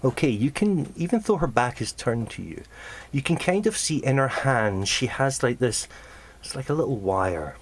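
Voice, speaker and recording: A game master narrating a tabletop game, halting and full of ums. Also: medium pitch, animated, slight background noise. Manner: hesitant, lots of ums and restarts.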